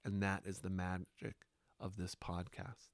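A man hosting a podcast, speaking in a slow, reflective monologue with unhurried, hypnotic pauses. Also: deep voice, completely flat delivery, creaky, dry recording, clean studio sound.

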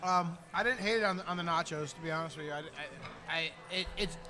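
A man's voice: on the high side, fast talker, music in the background. A man co-hosting a podcast, chatting casually, swearing and restarting his sentences. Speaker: podcast co-host. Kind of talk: casual chat.

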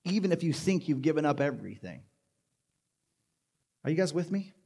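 A man preaching a sermon to a congregation, building from quiet points to loud, emphatic passages. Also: a little high, big pitch swings, moderate pace, gravelly. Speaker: pastor. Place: church hall before a live congregation.

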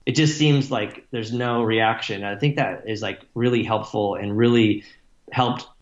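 A man's voice: on the low side, fairly even intonation, a little slow, highs cut off. Rambling, profane man in a roomy room. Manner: rambling, profane, many fillers like "like" and "you know". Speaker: musician guest. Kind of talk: casual interview talk.

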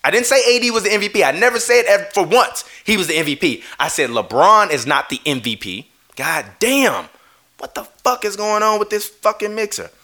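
Bright-voiced guy ranting on his stream, swears a lot, keeps saying sorry. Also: sits high, very animated, a little fast. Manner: heated, swearing, repeated apologies. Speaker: streamer ranting about basketball. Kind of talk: live-stream rant.

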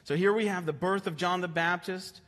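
A male pastor preaching, reading scripture and then explaining it with animated emphasis. His voice sits high and often stumbles into repeated words. The sound carries the long reverb of a large hall. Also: normal speed.

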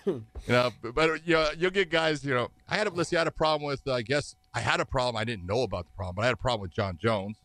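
A man's voice: mid-range voice, fast talker, fairly bright tone, no room sound. Rambling storytelling man, dry sound. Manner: rambling, laughs often, acts out quoted voices. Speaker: guest, fight referee. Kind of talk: anecdotal storytelling.

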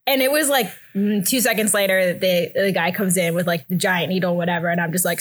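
A young woman telling a story in a casual chat, animated and laughing often, acting out the other people's voices. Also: fast, few pauses, husky. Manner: animated, acts out voices with big pitch jumps, laughs often. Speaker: guest telling a birth story.

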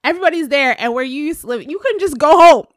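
A woman on a podcast in casual chat, reacting to the others with quick interjections. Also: sits high, animated, no echo, studio quality. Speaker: podcast co-host.

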